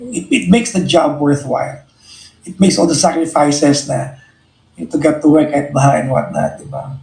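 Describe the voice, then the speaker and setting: A man's voice: fairly high pitch, very animated, normal speed, creaky, a little mellow, roomy sound, poor audio. A man with a Filipino accent hosting a live stream, speaking in an earnest, reflective way and often restarting his phrases. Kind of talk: casual live-stream chat to viewers.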